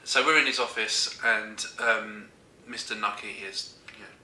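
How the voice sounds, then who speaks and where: Guy, comic storyteller, keeps cracking up, very bright voice, echoey room. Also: fairly low pitch, fairly even intonation, moderate pace, slight background noise. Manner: giggly, keeps breaking into laughter.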